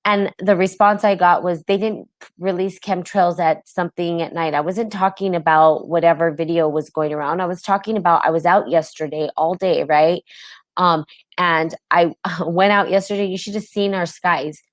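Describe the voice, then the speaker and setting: A woman's voice: fairly low pitch, fairly even intonation, moderate pace, dry recording. A woman with a New Jersey accent hosting a live stream, talking in a heated, casual way and asking her viewers questions. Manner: impassioned, asks viewers questions, many fillers. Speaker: podcast host on a live stream.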